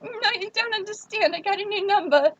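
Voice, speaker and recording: A woman voicing a distraught, broke young woman who pleads in a high, strained voice. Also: fairly quick, a bit bright, no room sound. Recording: dull lo-fi stream audio.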